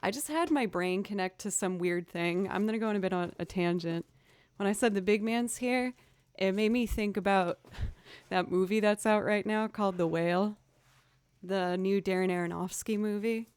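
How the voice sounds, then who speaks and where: A woman's voice: mid-range voice, moderate pace, darkish tone, smooth, no echo. A woman musician chatting casually with her stream viewers, rambling and drifting off into tangents.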